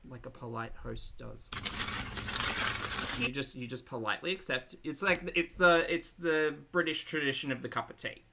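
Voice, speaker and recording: A man's voice: medium pitch, normal speed, creaky, heavy background noise. A man with an Australian accent giving casual, sarcastic commentary to a live chat while reacting to videos. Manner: wry, sarcastic asides. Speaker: reaction streamer.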